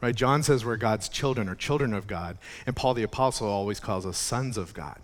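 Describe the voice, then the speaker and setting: A man's voice: lowish voice, a little fast. A male pastor preaching a conversational sermon, talking casually with frequent restarts and asides.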